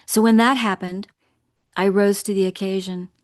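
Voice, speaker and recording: A woman in her sixties, a guest in an interview, telling her own story in an earnest, measured way. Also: medium pitch, fairly even intonation. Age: 60s. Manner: earnest, measured, emotional at times. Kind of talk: interview, personal account.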